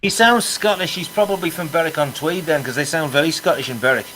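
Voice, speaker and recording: A man in casual chat, talking in a measured, hedging and digressive way. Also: a little high, a bit bright. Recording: hissy noisy recording.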